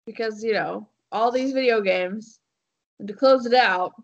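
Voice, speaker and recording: Woman podcast host rambling thru a story, lots of ums and likes, kinda high voice. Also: measured pace, dull audio. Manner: rambling with many fillers and laughs. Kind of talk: casual chat, telling a story.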